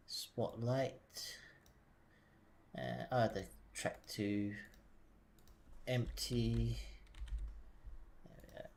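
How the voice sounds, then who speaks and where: A man streaming from his desk, mumbling quietly and thinking aloud with lots of fillers, sometimes leaning back from his mic. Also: medium pitch, drawn-out words, gravelly, long pauses, a little hiss or hum. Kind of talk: casual live-stream commentary while working. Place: home desk.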